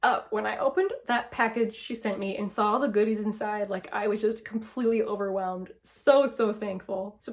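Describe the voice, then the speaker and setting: Chatty, upbeat woman beauty vlogger. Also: fairly high pitch. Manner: chatty and enthusiastic, laughs often. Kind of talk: casual makeup chat to camera.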